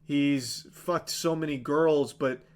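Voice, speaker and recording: Male streamer, slightly high voice, sarcastic and fed-up, casual, profane, rambling recap delivery. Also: fairly even intonation, slow pace, clean tone. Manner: sarcastic, exasperated, swears freely; rambling with many fillers like "like".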